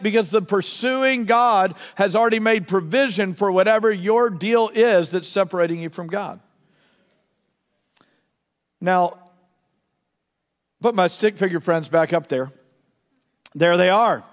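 Male preacher, higher voice, fervent sermon delivery with emphatic repetitions and soft, slow stretches; recorded in a big reverberant church hall. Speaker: pastor. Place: church sanctuary. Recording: long reverb of a large hall.

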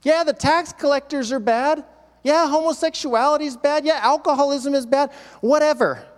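A man's voice: extremely high pitch, normal speed, big-room sound. A male pastor preaching a sermon, acting out quoted voices with emphatic repetition.

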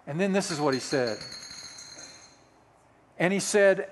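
High-voiced preacher telling a story. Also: male voice, sing-song, moderate pace, long pauses. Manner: folksy, self-deprecating humor. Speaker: pastor. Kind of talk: sermon storytelling. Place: church sanctuary. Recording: long hall reverb.

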